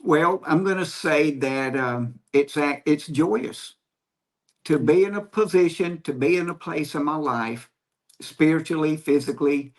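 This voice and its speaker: A man's voice: fairly high pitch, unhurried. A man with a Southern US accent talks as a comedy guest on a podcast. He speaks earnestly and emphatically, repeating key phrases to drive them home, in a casual, conversational way.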